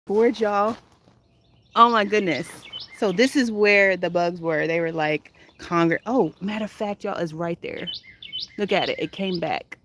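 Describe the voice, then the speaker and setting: A woman's voice: fairly low pitch, slight background noise. Bubbly woman livestreaming from her garden. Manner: bubbly, laughs often, greets viewers. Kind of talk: spontaneous live chat with viewers. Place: home garden, outdoors. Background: birdsong.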